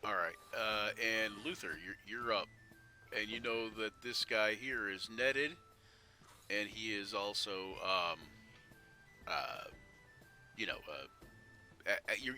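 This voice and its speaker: A man narrating a tabletop game as game master, talking in halting bursts with many restarts. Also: lowish voice, pushed and bright.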